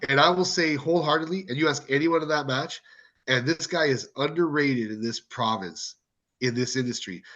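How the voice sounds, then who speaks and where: A man's voice: a little high, moderate pace. A Canadian man, a wrestling promotion owner, chatting as a guest on a podcast and telling stories with lots of repetition for emphasis. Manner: animated storyteller, repeats words for emphasis. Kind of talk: casual podcast interview. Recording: slightly muffled, lo-fi audio.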